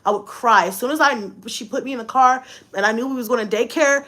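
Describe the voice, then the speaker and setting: A young woman, telling a story in a casual vlog, expressive and swearing freely. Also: fast. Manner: expressive, swears freely, swings from low asides to shrieking and laughing. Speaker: vlogger.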